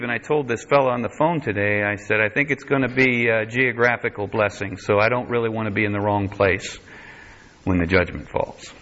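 A male pastor works through scripture verse by verse in a sermon, breaking in with wry asides. His medium-pitched voice is bright and forceful, but the recording is dull and lo-fi, with the top end muffled.

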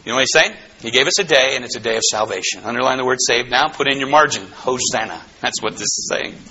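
A man preaching a sermon, swinging between soaring exclamations and hushed low asides. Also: quick pace, breathy edge. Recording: slightly dull, faintly noisy recording.

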